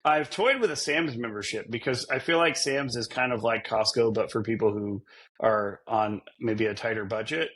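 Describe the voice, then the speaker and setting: Podcast co-host, male, husky tone, rambling and self-deprecating, casual chat. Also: mid-range voice, moderate pace, a bit bright.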